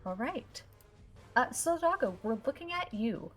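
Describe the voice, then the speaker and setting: A woman narrating as game master of a tabletop game, describing scenes in an unhurried way. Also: high voice, very animated, fairly bright tone, faint music behind. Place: online stream.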